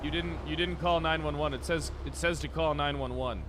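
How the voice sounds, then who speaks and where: A man's voice: fairly high pitch, fairly even intonation, fairly quick, fairly bright tone. A man playing a police officer in a game roleplay, brash and crude, joking casually. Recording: game sirens and traffic behind voice. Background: police sirens and vehicles.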